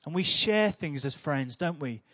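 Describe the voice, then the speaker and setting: High-voiced preacher, chatty. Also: male voice, lively intonation, unhurried, bright, forceful tone, no echo, clean studio sound. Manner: chatty, humorous storytelling. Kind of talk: sermon.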